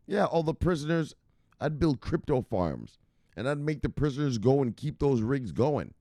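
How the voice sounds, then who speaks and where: A man's voice: medium pitch, expressive, normal speed, warm tone, no room sound, clean studio sound. A man hosting a crypto news show in casual, profane commentary, brash and laughing at his own jokes. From United States.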